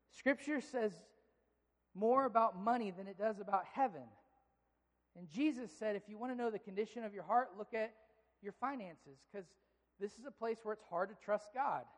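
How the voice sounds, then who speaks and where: A pastor preaching a sermon in an animated way, acting out inner voices. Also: medium pitch, big-room sound.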